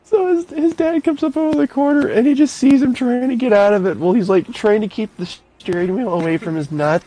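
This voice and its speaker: A man's voice: very high voice, brisk, warm tone, slight background noise, poor audio. A man telling a funny story in casual chat, laughing often and acting out quotes with a raised voice.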